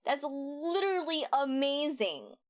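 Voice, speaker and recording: A woman streaming a game, chatting casually and excitably with lots of giggles. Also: high voice, takes it slowly. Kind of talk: casual let's-play commentary.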